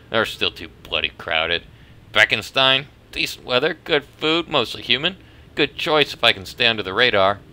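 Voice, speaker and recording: A man's voice: deep voice, pushed and bright, slight background noise, poor audio. A man casually reading in-game dossiers aloud with wry asides.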